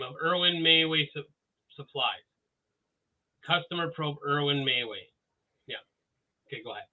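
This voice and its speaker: A Canadian man, a guest on a casual podcast, joking loudly and breaking into comic voices. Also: a little high, normal speed, pauses often. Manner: excitable, jumps into loud joking voices. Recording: tinny phone-like line.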